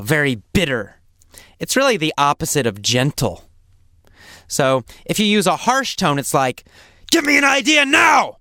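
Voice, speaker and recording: Male English teacher, patient and repetitive, clear smooth voice, dry close recording. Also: mid-range voice, fairly bright tone, dry recording. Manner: slow, patient, repeats words and examples; acts out coughs and sample phrases. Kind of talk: explaining vocabulary in a lesson.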